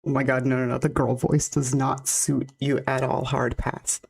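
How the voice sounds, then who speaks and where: A woman with a naturally deep voice, chatting casually on a live stream, rambling with lots of fillers and frequent laughs. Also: level tone, normal speed, creaky, husky. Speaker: VTuber streamer.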